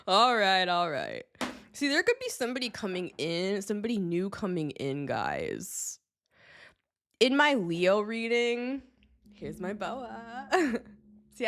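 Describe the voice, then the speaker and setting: Agitated rambling woman tarot reader. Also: lowish voice. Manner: rambling, agitated, swearing, laughing often. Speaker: tarot reader, show host. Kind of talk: casual tarot reading vlog.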